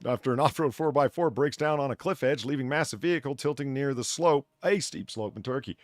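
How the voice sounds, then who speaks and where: A man's voice: mid-range voice, a little fast, dry recording. A man hosting a casual podcast, reading news aloud with swearing and stumbling restarts. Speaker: podcast host.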